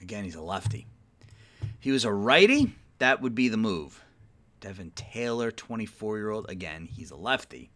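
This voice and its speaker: A man's voice: on the low side, big pitch swings, moderate pace, a bit bright. A man casually thinking aloud while he manages a baseball team in a video game, sleepy and yawning now and then, muttering as he weighs trades. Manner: mutters trade talk to the game's teams. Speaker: gaming YouTuber playing a baseball management sim. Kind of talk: casual let's-play commentary.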